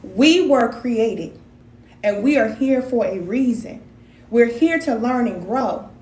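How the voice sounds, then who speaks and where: A woman speaks slowly, her fairly high voice carrying a roomy sound. She hosts a casual live stream on spiritual wellness, chatting in a folksy, lively way and calling viewers cousins.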